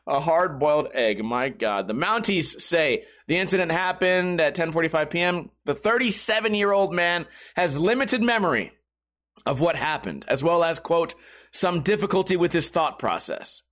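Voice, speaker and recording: A man's voice: on the high side, moderate pace. A man hosting a comedy show, reading a strange news story and riffing on it with crude jokes and frequent laughter. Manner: animated, crude, laughs often, mocking asides. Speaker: comedy podcast host.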